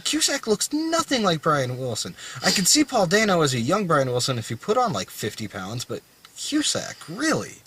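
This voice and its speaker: A man with a fairly high, bright voice co-hosts a casual chat about films outdoors in the cold. He grumbles and swears freely as he rants. Faint background noise sits under his voice. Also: huge pitch swings, normal speed, low-quality recording. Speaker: movie review co-host.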